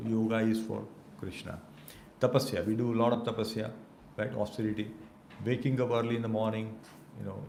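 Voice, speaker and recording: A man's voice: fairly low pitch, gravelly, warm tone. A man teaching a devotional scripture class, talking conversationally and often checking in with "right?". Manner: conversational, keeps asking "right?". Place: temple hall. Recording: echoey room, faint background noise.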